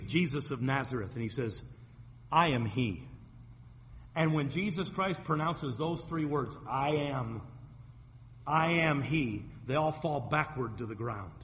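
A man's voice: fairly high pitch, animated, moderate pace, fairly bright tone, big-room sound, a little hiss or hum. A man preaching a sermon as a pastor, retelling scripture stories vividly and acting out the quoted voices.

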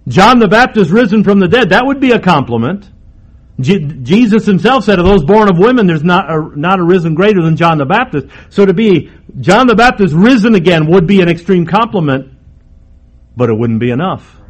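A man preaching a sermon, emphatic, moving between raised and hushed delivery. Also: high-pitched, sing-song, fairly quick.

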